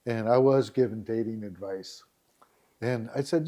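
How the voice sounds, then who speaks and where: A man's voice: on the low side, measured pace, mellow. A man as a podcast guest, chatting casually and telling stories, often laughing. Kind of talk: casual storytelling chat.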